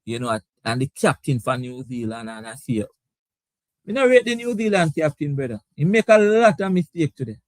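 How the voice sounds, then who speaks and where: A man's voice: fairly high pitch, big pitch swings, fairly quick, a little mellow, dry recording. A man hosting a casual live sports talk stream. He laughs often and reads out viewer comments. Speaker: sports talk show host.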